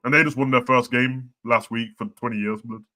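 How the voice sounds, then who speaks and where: A man talking football with a friend in slangy chat, jumping between loud outbursts and muttered asides. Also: mid-range voice, steady tone, a little fast. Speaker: football podcast host.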